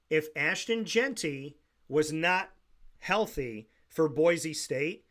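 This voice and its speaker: A man's voice: on the high side, fairly bright tone. A man co-hosting a sports talk show, insistently repeating his point in a heated debate.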